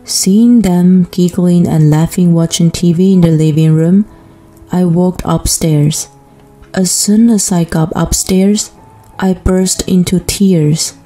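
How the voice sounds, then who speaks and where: Fields: Woman narrator, slow and mellow. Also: fairly low pitch, fairly even intonation, soft background music. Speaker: story narrator. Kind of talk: scripted first-person narration.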